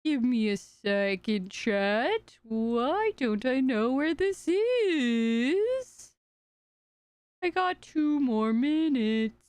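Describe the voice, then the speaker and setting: A woman's voice: high-pitched, expressive, extremely slow, a little mellow, clear, resonant tone, no room sound. A woman streamer chatting casually to her viewers while fumbling through her stream settings. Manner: scattered, talking to herself and chat while searching settings. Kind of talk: casual live-stream chat.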